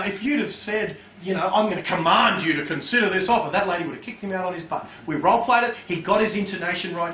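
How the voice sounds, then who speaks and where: A man with a high voice runs a live seminar for an audience, teaching loosely and chattily with lots of fillers. A distant mic captures him in an echoey room with dull lo-fi quality and slight background noise.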